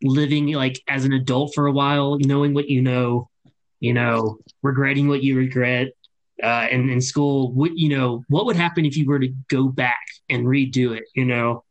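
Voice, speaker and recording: A man's voice: mid-range voice, steady tone, normal speed, rough recording. A man co-hosting a podcast in casual chat, explaining at length with many fillers. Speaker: podcast co-host.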